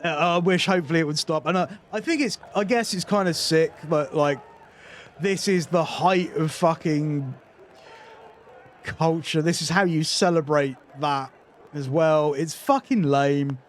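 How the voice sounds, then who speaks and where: A man's voice: a little high, measured pace, slight background noise. A British man hosting a reaction video, giving casual commentary with wry, sarcastic asides. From Britain.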